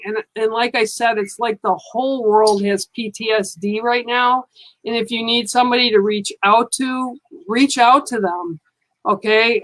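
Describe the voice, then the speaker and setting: A woman's voice: on the high side, a bit bright, rough recording. A woman giving a psychic card reading on a live stream, speaking in a soothing, reassuring way and often checking in with "okay".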